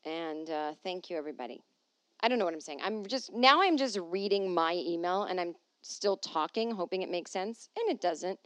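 A woman's voice: fairly low pitch, lively intonation, normal speed, fairly bright tone, dry recording. A woman hosting her own podcast as a touring comedian, chatting casually and reading listener emails aloud in a rambling, self-deprecating, playful way. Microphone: podcast microphone.

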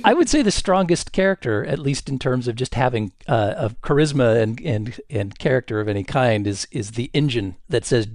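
A man in a casual podcast chat tells film moments with eager enthusiasm. His pitch moves around a lot as he talks. The sound is dry and close-miked. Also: moderate pace, few pauses, dry recording. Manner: enthusiastic, animated storytelling. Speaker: podcast co-host.

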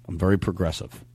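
A man's voice: deep voice, darkish tone, breathy edge, no echo. A man co-hosting a comedy podcast, rambling and swearing, laughing through his words as he asks questions. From Philadelphia. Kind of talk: casual banter, asking questions.

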